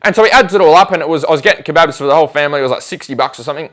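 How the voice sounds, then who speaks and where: Aussie guy, quick and bouncy, high voice, chatty storytelling. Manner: animated, acts out conversations in quoted voices. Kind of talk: casual storytelling chat.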